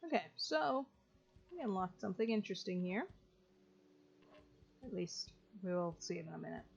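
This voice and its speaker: A woman's voice: mid-range voice, sing-song, normal speed, gravelly, a little hiss or hum. A woman hosting a let's play, giving casual, chatty gameplay commentary and explaining each step to viewers. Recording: lo-fi with faint game music.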